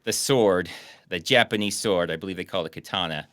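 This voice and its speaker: A man's voice: low-pitched, fairly quick, fairly bright tone, no room sound. A young man hosting a podcast, chatting casually about a movie in a laid-back, dry way. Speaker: podcast host. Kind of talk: casual chat reviewing a movie.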